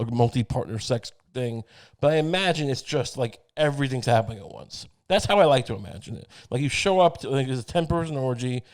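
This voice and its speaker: A man's voice: mid-range voice, a little mellow. A man hosting a podcast, rambling through a sarcastic, profane comedic monologue. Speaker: podcast host.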